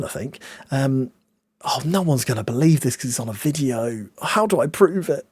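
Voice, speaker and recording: A young man narrates a football management game. His husky voice sits at an ordinary pitch, recorded close and dry. He lurches from anxious near-whispers to loud, delighted outbursts. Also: normal speed, no echo. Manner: excitable, swings between hushed nerves and loud outbursts. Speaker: game streamer. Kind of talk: video game commentary.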